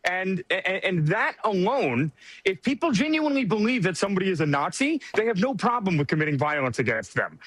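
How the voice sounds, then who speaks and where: A man's voice: high-pitched, sing-song, a little fast, a bit bright, no echo. A male reporter, interviewed as a guest, describing the scene urgently and indignantly with stumbling restarts. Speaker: reporter guest on a news show.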